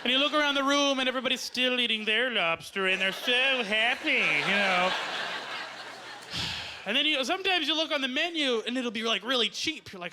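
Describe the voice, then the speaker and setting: A Canadian man doing a stand-up set on a club stage, talking in a deadpan, rambling way with lots of uhs, recorded live with the audience. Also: fairly quick. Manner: deadpan, rambling with many uhs and lively jumps in pitch. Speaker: stand-up comedian. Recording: live club recording with loud audience laughter and ambient noise. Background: audience laughing and applauding.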